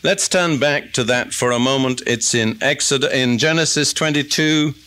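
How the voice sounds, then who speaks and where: A man preaching an expository sermon in a conversational teaching manner, reading scripture aloud and slowing to stress key words. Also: mid-range voice, bright, forceful tone, clear, resonant tone.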